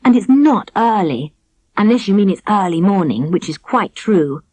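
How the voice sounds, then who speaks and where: Brief: woman playing a young princess-turned-kitchen-maid for a storybook, bright, earnest, slightly prim, lively pitch. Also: moderate pace, no echo, close to an everyday voice.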